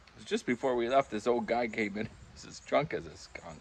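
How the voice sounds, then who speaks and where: A man's voice: mid-range voice, expressive, brisk, vocal fry, slight background noise. An older man telling rambling, chuckling pub anecdotes in a casual vlog, acting out the voices he quotes. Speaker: vlogger. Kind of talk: casual storytelling. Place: backyard pub shed.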